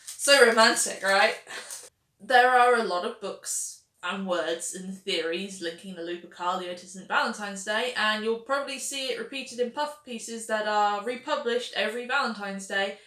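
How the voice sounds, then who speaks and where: A woman's voice: mid-range voice, moderate pace, hardly any pauses, fairly bright tone, echoey room. A woman hosting a history video, narrating facts with wry, sarcastic asides.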